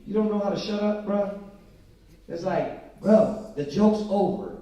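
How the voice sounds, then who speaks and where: A man teaching a Bible study, reading scripture slowly and with emphasis, then breaking into casual, slangy commentary. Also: sits high, animated, mellow. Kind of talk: informal scripture study sermon. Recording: very echoey room from a distant mic.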